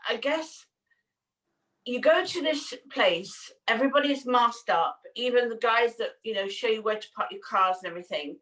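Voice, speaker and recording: A woman's voice: a little high, moderate pace, a bit bright, far from the mic, poor audio. A woman co-hosting a casual chat, telling a story with lots of laughter and acted-out voices. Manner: chatty storyteller, laughs often, acts out quoted voices. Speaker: co-host.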